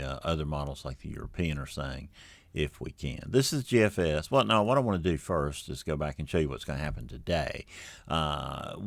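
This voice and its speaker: A middle-aged man giving an unscripted weather briefing in a relaxed, folksy way with many fillers. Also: a bass voice, no room sound. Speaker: TV meteorologist.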